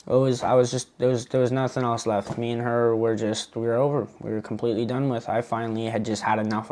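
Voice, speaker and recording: A twenty-year-old man telling his own story in a personal vlog, halting and earnest, with many restarts. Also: mid-range voice, a little mellow.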